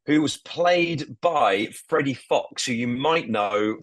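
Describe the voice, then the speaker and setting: A man's voice: mid-range voice, expressive, slow pace, a bit bright, no room sound. A man co-hosting a podcast, enthusiastically recounting a comedy show and swearing freely. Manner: enthusiastic, swearing, acting out scenes. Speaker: podcast co-host. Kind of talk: casual podcast chat.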